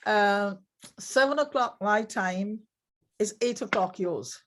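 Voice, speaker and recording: A woman's voice: mid-range voice, slow, a bit bright, slight background noise. A woman chatting casually on a video call before an online session, laughing easily and planning aloud.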